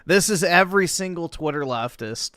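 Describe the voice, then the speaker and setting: A man's voice: a little high, expressive, moderate pace, sharp tone, clear, resonant tone, dry recording, clean studio sound. A man mocking the subject of the video in profane livestream commentary.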